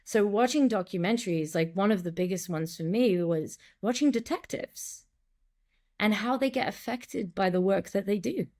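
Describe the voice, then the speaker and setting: Animated woman director talking shop. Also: mid-range voice, normal speed. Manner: animated, acts out lines and quotes, many restarts. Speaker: director and acting coach. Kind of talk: casual interview talk.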